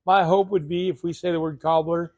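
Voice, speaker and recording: A man co-hosting a casual podcast keeps chiming in with side remarks and questions. His voice is a touch higher than most men's. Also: fairly even intonation, a little mellow, highs cut off. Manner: chatty, interjecting, quick asides. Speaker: podcast co-host.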